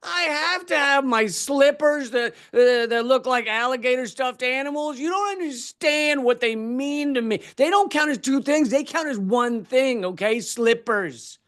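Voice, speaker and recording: A man's voice: very high voice, a little slow, few pauses, fairly bright tone, pitched above the performer's own voice. A man voicing a whiny, entitled adult who pleads indignantly to keep his belongings.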